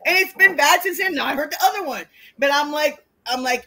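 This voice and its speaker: High bright-voiced woman, swearing freely. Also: animated, a little fast, few pauses, slight background noise, poor audio. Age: adult with a daughter. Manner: profane storytelling, acting out quotes. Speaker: guest pro wrestler. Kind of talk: casual podcast chat.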